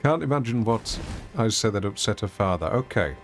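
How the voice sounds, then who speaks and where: A man's voice: lowish voice, animated, brisk, a little hiss or hum. A man with an English accent giving wry, theatrical commentary while streaming a game. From England. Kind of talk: casual gameplay commentary.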